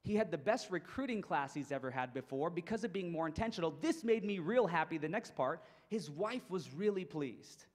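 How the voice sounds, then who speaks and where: A man with a high, bright voice delivers an energetic keynote to coaches, pressing his points with emphatic repetition. His voice carries a long reverb, as if in a large hall. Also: a little fast, hardly any pauses. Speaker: motivational speaker for coaches. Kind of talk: keynote presentation.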